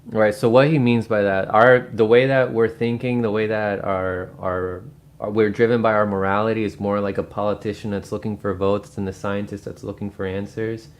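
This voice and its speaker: This man runs his own channel and gives a loose spoken review of a book, recommending and explaining it amid lots of fillers and false starts. He speaks in a lowish, flat voice at a moderate pace.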